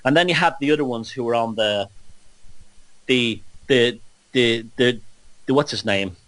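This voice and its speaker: A man's voice: medium pitch, unhurried, a bit bright, no room sound. A man hosts a blunt, mocking monologue. He stumbles and restarts often, sounds drowsy, and his voice sits in a middling register. The recording is dry and close. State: drowsy from antihistamine. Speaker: host. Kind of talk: ranting monologue.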